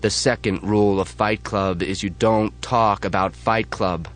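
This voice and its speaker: A man reading an audiobook voices a stern male chapter leader, reciting rules flatly. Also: on the low side, measured pace.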